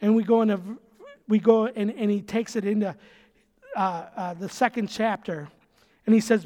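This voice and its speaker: A man's voice: sits high, moderate pace, a little mellow. A man preaching a conversational sermon as a pastor, emphatic, repeating phrases and dropping casual asides. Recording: long reverb of a large hall.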